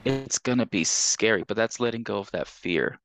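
A man's voice: fairly low pitch, animated, normal speed, fairly bright tone, slight background noise. A man co-hosting a podcast in casual conversation, talking earnestly and emotionally and urging listeners directly. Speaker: podcast co-host.

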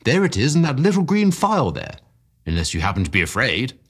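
A man voicing an excitable male scientist who talks fast and shouts in high, breathless bursts. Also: slightly rough, full character voice. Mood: eager. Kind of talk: audiobook character voice.

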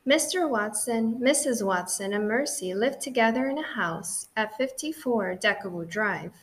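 A woman narrating a children's audiobook in a gentle, clear and expressive way. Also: a little high, moderate pace.

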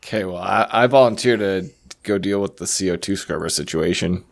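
A man's voice: sits low, fairly quick, vocal fry. A man playing in a tabletop game, talking casually and asking questions. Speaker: player. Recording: distant from the mic.

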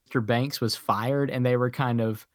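A man's voice: mid-range voice, steady tone, normal speed, no echo, studio quality. A man co-hosting a podcast in casual chat, laughing often and telling stories with animation. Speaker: podcast co-host.

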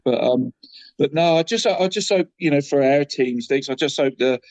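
A man's voice: mid-range voice, normal speed, darkish tone, dry recording. A middle-aged man co-hosting a football show, rambling and putting "mate" after every phrase. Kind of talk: casual football chat.

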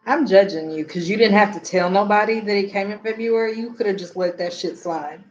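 A woman's voice: mid-range voice, noisy background. Blunt woman co-host, dull recording. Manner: blunt and profane, quick to react. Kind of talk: casual chat. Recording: slightly dull audio.

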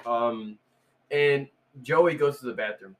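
A man's voice: medium pitch, takes it slowly. A young man telling loose, slangy stories in a casual chat, laughing often.

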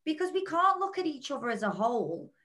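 A woman's voice: sits high, sing-song, fairly quick, sharp tone, slight background noise. A woman co-hosting a podcast, talking in an earnest, rambling way with frequent restarts. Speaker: podcast co-host. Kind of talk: reflective casual chat.

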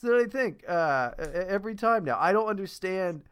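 Brief: male podcast co-host, rambling and profane, giggly, lively pitch. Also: fairly quick, clean tone. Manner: rambling, profane, laughs often. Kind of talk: casual podcast chat.

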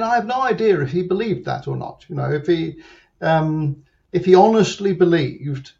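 A man telling a personal story as an interview guest, reflective and halting, with frequent restarts. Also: fairly high pitch, vocal fry, a little mellow. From Britain. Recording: muffled lo-fi sound.

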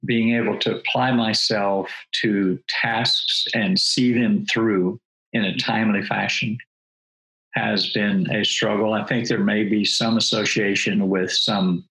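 Slow, low-voiced older man. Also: steady tone, gravelly, pushed and bright, low-quality recording. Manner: thoughtful, measured storytelling. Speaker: guest, author and former missionary. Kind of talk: reflective interview talk.

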